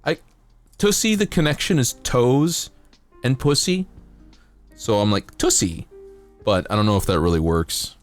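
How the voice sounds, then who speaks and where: A man chatting on a livestream as he builds a model kit, rambling from one joke to the next and jumping into silly voices. His pitch moves a lot from line to line, and his throat sounds dry. Faint music plays under him. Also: wildly swooping pitch, normal speed, pauses often. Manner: rambling, jokey, bursts into silly high voices and singing. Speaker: streamer.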